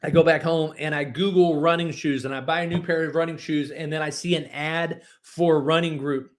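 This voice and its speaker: Motivational speaker, forties, male, folksy and persuasive, a bit high-pitched. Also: fairly quick. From Oklahoma. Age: 40s. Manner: folksy storytelling, energetic and persuasive. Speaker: book publishing coach. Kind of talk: motivational webinar talk.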